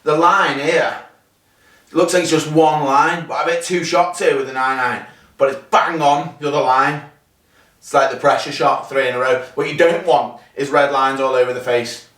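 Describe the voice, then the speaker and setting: A chatty man talks his way through a home practice session for a golf vlog. His voice sits at an ordinary middle pitch, and he is self-critical one moment and cheering the next. Now and then he sounds a little out of breath between swings. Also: moderate pace. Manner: chatty, self-critical, bursts of excited exclamations. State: a bit out of breath at times. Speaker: golf vlogger. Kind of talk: casual vlog commentary while hitting shots.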